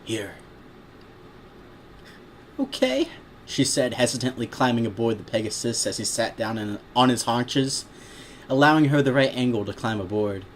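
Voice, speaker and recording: A man reading a story aloud at an everyday mid pitch, breaking off into loose, swearing asides. His tone stays casual and unpolished, with a faint hiss underneath. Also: fairly even intonation, fairly quick. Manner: laughing, swearing, rambling asides. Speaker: reader. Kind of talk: casual read-aloud with commentary.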